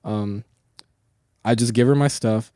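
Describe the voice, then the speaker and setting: Young man, podcast host, low mellow voice, dry close sound, rambling, lots of swearing. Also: unhurried, clean tone, no echo. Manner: rambling storyteller, heavy swearing and filler words. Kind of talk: casual chat.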